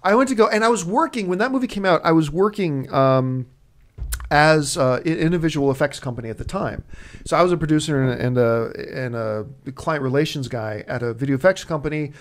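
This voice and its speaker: A young adult man hosting a movie talk show in casual chat, telling stories in an excitable, animated way. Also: on the high side, fairly quick.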